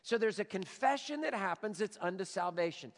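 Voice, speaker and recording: A pastor in his forties delivers a sermon, alternating between loud emphasis and quiet, prayerful stretches. His voice sits high and sounds animated and brisk, with a big-room sound.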